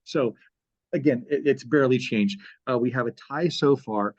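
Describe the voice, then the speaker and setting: A man's voice: mid-range voice, normal speed, darkish tone, no room sound, lo-fi sound. A man hosting a casual podcast, rambling and self-deprecating, laughing often. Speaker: podcast host. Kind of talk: casual chat.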